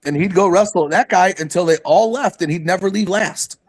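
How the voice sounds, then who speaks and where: A man's voice: high voice, a little fast. An older man, a wrestling coach guest, telling old stories in casual conversation. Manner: reminiscing storyteller. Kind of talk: casual chat.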